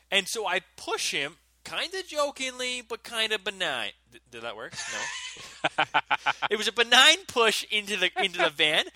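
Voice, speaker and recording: A man in his thirties, a podcast co-host, telling stories in an animated way and laughing often. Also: sits high, normal speed, no echo. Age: 30s. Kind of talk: casual chat.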